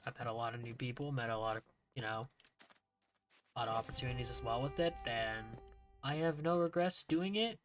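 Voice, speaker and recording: During a casual gaming livestream, a young man rambles and curses frequently as he gets frustrated. He has a slightly bright, mid-range voice, with slight background noise.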